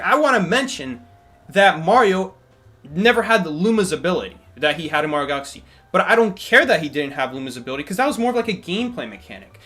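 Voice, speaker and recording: A young man streaming live, talking casually in a rambling, animated way that often corrects itself. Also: fairly high pitch. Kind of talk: casual livestream chat.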